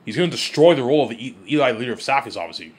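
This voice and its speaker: A man talking casually and excitably in a rambling monologue, swearing freely and often stumbling and restarting his words. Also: mid-range voice, very fast. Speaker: vlogger.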